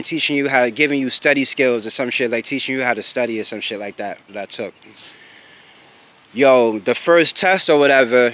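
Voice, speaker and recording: A man from the United States telling a personal story to camera in a loose, profane, casual way, often checking in with the listener. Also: medium pitch. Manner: loose and profane, repeatedly asking "you know what I'm saying"; grows loud and animated when recalling anger.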